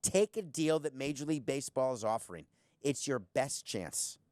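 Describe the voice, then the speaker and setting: A man's voice: mid-range voice, expressive, normal speed, darkish tone, no echo, clean studio sound. Blunt, sarcastic male podcast host. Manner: blunt, sarcastic, rhetorical questions. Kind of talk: opinionated solo commentary.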